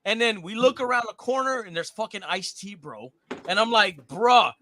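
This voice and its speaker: A man's voice: sits high, animated, a little fast, bright, forceful tone, a little hiss or hum. A man in his thirties co-hosting a podcast, telling stories in casual chat, cursing freely and laughing often. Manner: profane, storytelling, laughs often. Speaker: podcast co-host.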